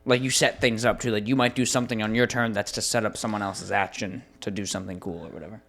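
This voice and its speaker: A man co-hosting a podcast in relaxed casual chat, joking and riffing on stories. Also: fairly low pitch. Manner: relaxed, joking, quick to riff. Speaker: podcast co-host.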